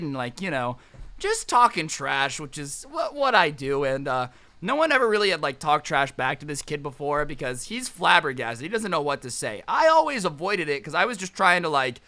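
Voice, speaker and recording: A man's voice: a little high, lively intonation, fairly quick, pushed and bright. A man telling a story in a casual vlog, with sarcastic joking asides. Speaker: storytime vlogger.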